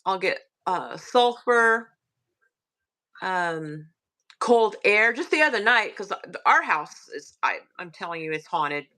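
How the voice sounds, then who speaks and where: Southern woman, bright forward tone, halting hushed storyteller, lots of fillers. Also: medium pitch, lively intonation. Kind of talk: casual storytelling.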